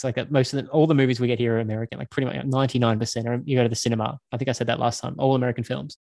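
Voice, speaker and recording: An Australian filmmaker talking in a rambling, self-correcting way as a guest in a casual podcast interview. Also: male voice, medium pitch, a little mellow, no room sound.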